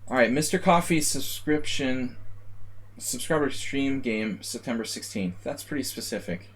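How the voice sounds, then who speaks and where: A man's voice: medium pitch, moderate pace, husky. A man streaming live chess analysis, rambling and joking at his own expense while calling out moves, a little tipsy from a beer. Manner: rambling, self-mocking, calls out moves in chess notation.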